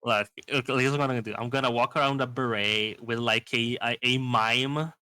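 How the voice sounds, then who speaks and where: A young Brazilian man guesting on a casual stream, speaking English with a Brazilian Portuguese accent and laughing easily as he rambles. His voice is bright and mid-pitched, heard close and dry. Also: fairly even intonation, brisk, clear, resonant tone, no room sound, rough recording. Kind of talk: casual chat.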